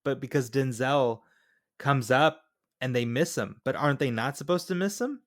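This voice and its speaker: A man's voice: medium pitch, normal speed. A man co-hosting a podcast, chatting loosely about a film and asking questions with many fillers. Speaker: podcast co-host. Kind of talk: casual movie recap chat.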